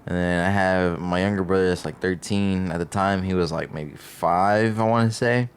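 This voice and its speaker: A man's voice: low voice, fairly even intonation, normal speed, slight background noise. A young man telling a story in a hesitant, rambling way as a podcast co-host. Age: young adult. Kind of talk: casual chat.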